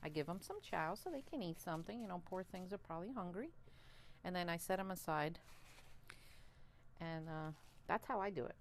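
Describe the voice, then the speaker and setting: A woman vlogging about her worms, chatty and excitable, laughing often, a little out of breath. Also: on the low side, normal speed, long pauses, slight background noise. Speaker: worm farmer and channel host. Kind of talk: casual chat to camera while handling worms.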